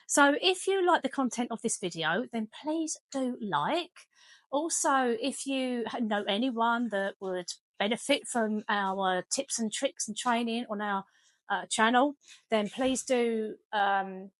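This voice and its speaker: Chatty dog trainer, woman, slightly high pitch, firm with commands. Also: expressive, unhurried, no room sound. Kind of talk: casual training demonstration. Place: home kitchen.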